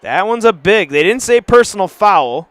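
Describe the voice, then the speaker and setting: A man calls a high school football game play by play from the stadium, chatty between snaps and surging to shouts when a big play breaks. His voice sits high and rings bright. It comes through smooth and clean. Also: lively intonation, normal speed, dry recording. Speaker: play-by-play announcer.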